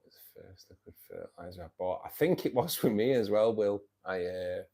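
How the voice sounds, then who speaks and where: A tired man hosts a casual live stream. He chats in a slightly low voice, pokes fun at himself and laughs often. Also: animated, fairly quick, vocal fry, warm tone. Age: 50s. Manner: chatty, self-mocking, laughs often. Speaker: livestream host.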